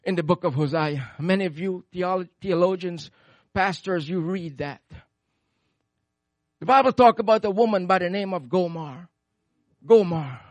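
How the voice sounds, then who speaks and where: A man preaching a sermon into a handheld microphone, moving between fervent shouted praise and hushed storytelling. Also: sits high, moderate pace, no room sound.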